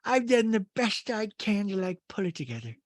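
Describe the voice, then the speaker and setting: A tearful, over-emotional middle-aged woman from a reality show, as a man puts her on in a podcast recap. The voice runs high and wavering, rising and falling widely, and the recording is close and dry. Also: sing-song, normal speed, no room sound. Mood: emotional pleading. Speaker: podcast host doing an impression.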